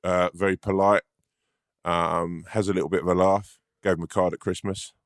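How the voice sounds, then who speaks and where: A man's voice: sits low, flat delivery, no room sound, clean studio sound. A man co-hosting a casual podcast, bantering and swearing, often incredulous. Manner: fast, incredulous, swears a lot. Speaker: podcast co-host.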